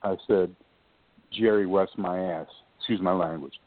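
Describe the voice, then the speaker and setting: Older male storyteller, former coach, low-ish voice that acts out every quote; dry, phone-quality audio. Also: unhurried, no echo. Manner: lively storyteller who acts out quoted dialogue. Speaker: former basketball shooting coach. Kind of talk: casual storytelling anecdote. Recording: tinny phone-like line, dry.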